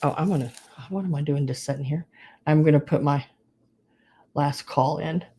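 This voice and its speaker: A woman's voice: low voice, moderate pace, dark tone, husky. A woman running a live online sale, chatting casually and calling to bidders by name. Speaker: live auction seller.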